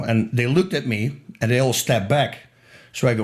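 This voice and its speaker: A middle-aged man tells a wild anecdote as a podcast guest, recorded close on a studio microphone. He is lively and laughs easily. He keeps his voice at an ordinary pitch and repeats words to land them. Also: fairly quick. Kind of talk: animated anecdote storytelling.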